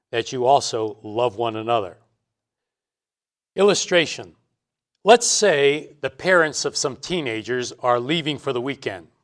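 A man preaching an expository Bible sermon, stressing and repeating his key points. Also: mid-range voice. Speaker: pastor.

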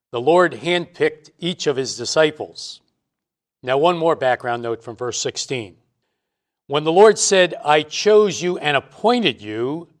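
A man preaching an expository Bible sermon, stressing and repeating his key points. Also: mid-range voice. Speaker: pastor.

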